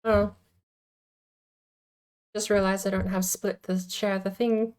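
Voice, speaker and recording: A woman's voice: medium pitch, level tone, slow pace, a little mellow. A woman streaming a card game, chatting casually and playfully and laughing often. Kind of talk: casual chat while gaming.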